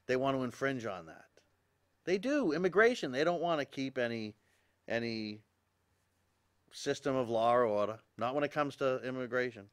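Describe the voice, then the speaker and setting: A man's voice: mid-range voice, sing-song, normal speed, fairly bright tone. A man hosting a local talk show, ranting in an agitated, exasperated way and laughing in disbelief. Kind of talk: opinion commentary.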